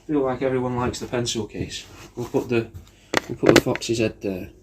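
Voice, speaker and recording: A man's voice: mid-range voice, steady tone, normal speed, very noisy. Sweary man roasting someone. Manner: sweary, rambling, mock-insulting, says "mate" constantly. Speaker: podcast host recording paid video messages. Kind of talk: comedic roast monologue.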